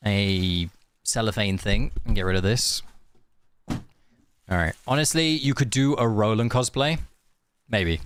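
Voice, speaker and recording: A man's voice: fairly low pitch, fairly bright tone, clear, resonant tone. A young man streaming a game, chatting loosely with viewers and thinking aloud, with lots of fillers and restarts. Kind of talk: casual live-stream chat.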